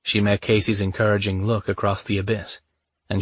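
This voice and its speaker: Low-voiced male audiobook narrator. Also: little pitch movement, moderate pace, slightly rough. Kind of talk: scripted romance narration.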